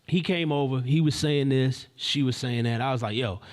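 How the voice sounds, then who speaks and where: A man's voice: mid-range voice, moderate pace. Slangy, rambling male storyteller. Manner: rambling, slangy, many restarts and asides. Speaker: live stream host. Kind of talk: casual storytelling.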